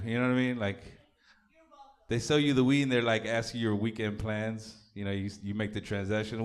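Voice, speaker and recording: A man's voice: on the low side, animated, moderate pace. A man from Oak Cliff, Texas, doing a profane, offhand stand-up set on a comedy club stage. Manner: crude, profane, offhand delivery.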